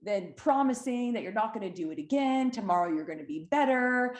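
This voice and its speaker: Woman coach, animated conversational delivery, checks in with listeners constantly, roomy echo on the voice. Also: a little high, fairly quick. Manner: lively, conversational, frequent "right?" check-ins. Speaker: weight-loss coach. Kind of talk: coaching talk to camera.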